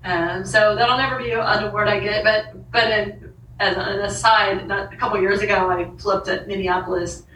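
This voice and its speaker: Sitting well away from the mic in a reverberant room, a woman, an author guesting on a podcast, recounts a personal anecdote with frequent laughter and impressions of the people she quotes. Her voice is bright, forceful and mid-range, her pace moderate, with faint ambience and slight background noise around her.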